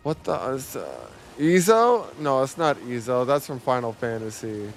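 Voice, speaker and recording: A young man cursing his way through a game, talking to himself and breaking into loud exclamations. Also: mid-range voice, normal speed, soft background music. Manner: profane, talks to himself, bursts into loud exclamations. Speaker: gamer. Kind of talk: live gameplay commentary.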